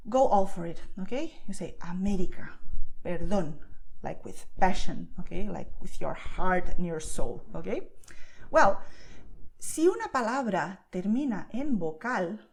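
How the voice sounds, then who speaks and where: A woman, teaching a beginner lesson, who explains slowly and keeps checking in with "okay?". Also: mid-range voice, darkish tone. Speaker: Spanish teacher. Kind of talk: online language lesson.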